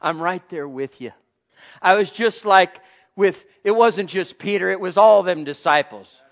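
A high-voiced man preaches a sermon. He moves from hushed pleading to ringing exclamations, calling out to his congregation. The recording sounds dull and lo-fi. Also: a little slow, creaky. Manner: impassioned, swinging between soft pleading and loud exclamation; calls out to the congregation.

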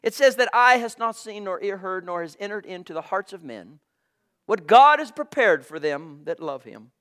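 High bright-voiced fervent male preacher. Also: expressive, normal speed. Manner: fervent, swings from hushed to shouting; calls listeners brothers and sisters. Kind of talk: sermon.

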